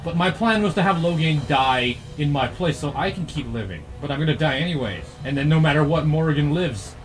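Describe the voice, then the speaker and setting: A man's voice: on the high side, animated, brisk, soft background music. A man telling a comic plot recap of a video game, swearing, laughing and acting out the characters' lines. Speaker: comedy host recapping a game.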